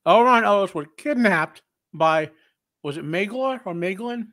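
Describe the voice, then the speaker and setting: A man with a fairly high voice gives casual, blunt commentary while reacting to a video. He cuts in on the others and argues his point. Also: lively intonation, moderate pace, fairly bright tone.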